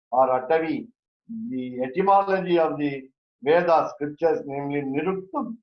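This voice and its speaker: Man, teacher, slightly high voice, halting with fillers, echoey room, muffled audio. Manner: halting, many fillers and restarts. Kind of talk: Sanskrit grammar class discussion.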